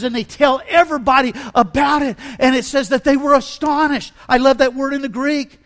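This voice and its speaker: A man preaching a sermon with dramatic delivery, swinging between hushed reflection and loud, emphatic passages. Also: very high voice, steady tone, moderate pace, hardly any pauses.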